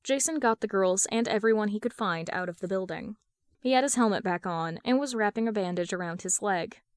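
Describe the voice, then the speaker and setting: A woman narrating a fan fiction story aloud in an even, measured reading. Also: mid-range voice, clean tone, dry recording. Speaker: podfic reader.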